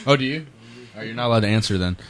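A man's voice: on the low side, racing, fairly bright tone. A man hosting a radio show, chatting casually in the studio, stumbling over his words and running a playful quiz. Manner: stammering, playful quizmaster.

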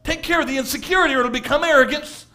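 High-voiced man preaching an impassioned sermon. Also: very fast. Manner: swings between hushed asides and shouted emphasis; repeats phrases for stress.

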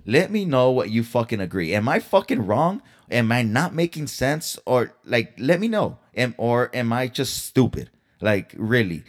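A man's voice: medium pitch, big pitch swings, normal speed. A man hosting his own podcast, venting in a heated, profanity-laden rant and throwing rhetorical questions at his listeners. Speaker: podcast host. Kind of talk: solo podcast storytelling rant.

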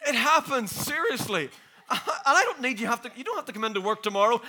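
A man preaching a lively, jokey sermon, laughing often and calling out to the crowd, tired and jet-lagged. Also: very high voice, a little fast.

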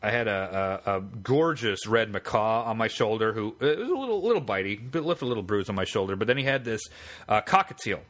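Bright-voiced man telling a rambling story. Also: on the low side, brisk. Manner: rambling, profane, animated storyteller. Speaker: podcast co-host. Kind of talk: casual storytelling.

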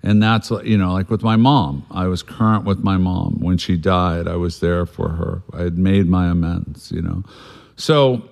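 Man, very low voice, blunt, swears freely, rambling but earnest storyteller. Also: creaky, darkish tone. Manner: earnest and reflective about making amends. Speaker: guest sharing a recovery story. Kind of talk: candid conversational storytelling.

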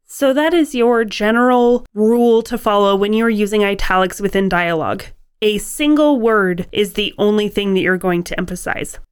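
A woman co-hosting a writing-advice podcast in a relaxed, conversational way. Her voice is smooth and clear, with a middle pitch. She adds dry, playful jokes as she explains. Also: normal speed. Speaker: podcast co-host.

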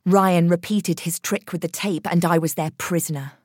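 A woman narrating a horror story in a measured, expressive reading voice. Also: fairly low pitch, no room sound, clean studio sound.

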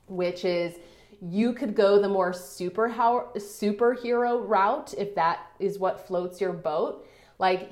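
Chatty woman podcaster in a roomy space. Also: medium pitch. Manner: chatty, upbeat, lots of "like" fillers and laughs. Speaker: podcast host. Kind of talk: casual solo podcast talk. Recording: roomy reverberant room.

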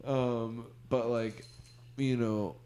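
A man's voice: medium pitch, flat delivery, extremely slow, warm tone, slight background noise. A man co-hosting a podcast in casual chat, laid-back and peppering his talk with "dude" and "like".

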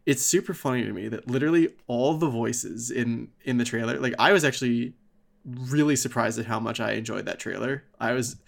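A man talks casually as a podcast co-host, rambling and peppering his talk with fillers and curses. His voice has a gravelly edge. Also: mid-range voice, brisk. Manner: rambling, frequent fillers and swearing. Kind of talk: casual chat.

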